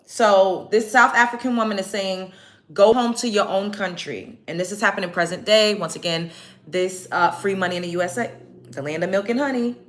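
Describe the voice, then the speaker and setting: A woman's voice: medium pitch, fairly quick, a bit bright. A woman hosting a casual commentary show, blunt and profane, talking emphatically to her viewers. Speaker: show host.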